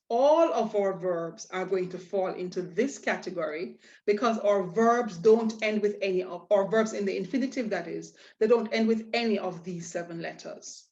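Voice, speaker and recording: A woman's voice: medium pitch, darkish tone, muffled recording. A woman teaching a lesson, explaining patiently and spelling out letters one by one. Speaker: Spanish teacher. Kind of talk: online lesson.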